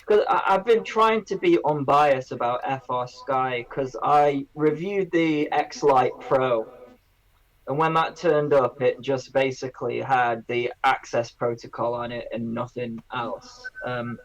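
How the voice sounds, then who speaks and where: A man's voice: medium pitch, a little slow, muffled recording. A man on a podcast, rambling through a review of drone gear with lots of restarts in casual banter.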